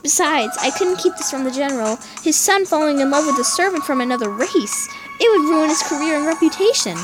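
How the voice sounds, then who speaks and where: A woman's voice: sits high, animated, a little fast, over music, voice pushed up. A woman voicing a pleading servant. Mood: justifying. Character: apologetic woman servant, a betraying informant.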